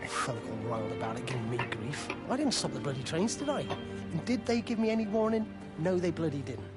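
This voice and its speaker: A man's voice: a little high, lively intonation, brisk, close to an everyday voice. A man voicing an irritable station master from a story game, grumbling and fed up in a slightly raised voice. He talks in a plain, down-to-earth way, with game music behind him.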